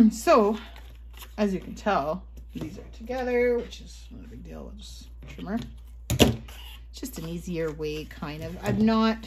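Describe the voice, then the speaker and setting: A woman talks slowly and casually as she stitches and makes crafts, thinking aloud and clearing her throat now and then. A sewing machine runs at times, and a faint hiss sits under her voice. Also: mid-range voice. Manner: chatty, thinks aloud while working, frequent throat clearing. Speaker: craft vlogger. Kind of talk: casual craft tutorial chat.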